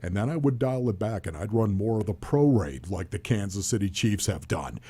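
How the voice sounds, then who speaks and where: A man working as a radio color analyst, talking football in an animated, emphatic way and firing off rhetorical questions. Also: on the low side, normal speed, husky. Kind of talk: sports talk analysis.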